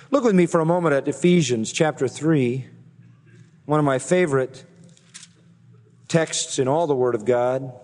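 A man's voice: fairly high pitch, darkish tone, in a large hall. A man preaching an expository sermon as pastor, emphatic, his voice climbing on key phrases.

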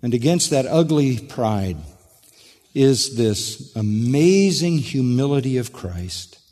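Male pastor preaching slow and emphatic, drops quiet on key words, big echoey church hall. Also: mid-range voice, expressive. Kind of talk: expository sermon. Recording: long hall reverb.

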